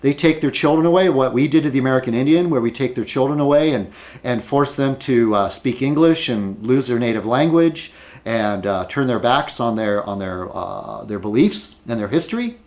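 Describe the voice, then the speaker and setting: A man's voice: mid-range voice, animated, moderate pace, a little mellow. Rambling, argumentative man vlogging. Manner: argumentative, rhetorical questions, many fillers. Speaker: video blogger. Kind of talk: rambling opinion vlog.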